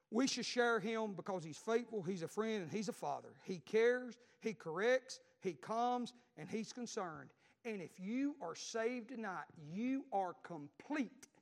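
A middle-aged man with a Southern US accent preaching a sermon, telling a family story and repeating lines as he swings from loud to hushed. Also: sits high.

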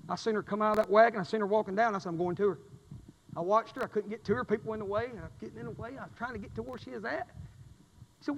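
Gravelly preacher in a reverberant hall. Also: male voice, high-pitched, fairly even intonation, very fast, slight background noise. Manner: emphatic Southern preaching, swings from quiet to loud. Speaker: pastor. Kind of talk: sermon. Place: church sanctuary.

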